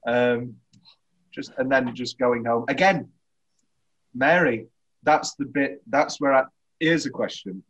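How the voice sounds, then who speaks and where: A young man hosting a casual film chat, rambling and halting, laughing often. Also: mid-range voice, fairly bright tone, highs cut off. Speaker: podcast host.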